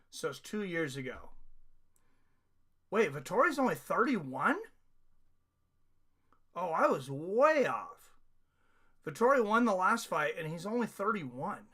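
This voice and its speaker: A man's voice: a little high, very animated, measured pace, long pauses, bright, forceful tone. A man hosting a live fight watch-along, chatting casually and reading viewer comments aloud. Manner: reads chat comments aloud, laughs often. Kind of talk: casual live stream chat.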